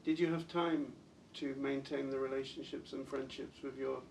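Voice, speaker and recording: A man's voice: mid-range voice, flat delivery, moderate pace, darkish tone. A man interviewing for an oral history, asking brief prompting questions. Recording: distant mic, faint background noise.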